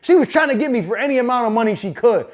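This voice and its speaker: A man hosting his own channel, telling a personal story in a casual, profane, animated way. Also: very high voice, very fast. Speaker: host. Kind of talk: storytelling monologue.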